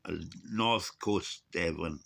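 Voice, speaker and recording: A man's voice: low-pitched, takes it slowly, creaky, fairly bright tone. A man in his sixties talks in a rambling, casual vlog monologue, chuckling and cursing, his speech slightly unclear from missing teeth. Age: 60s. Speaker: vlogger.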